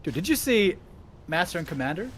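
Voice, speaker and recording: Excitable male caster, loud at big plays. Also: high-pitched, fairly quick, slight background noise. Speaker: esports caster. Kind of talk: casual game commentary.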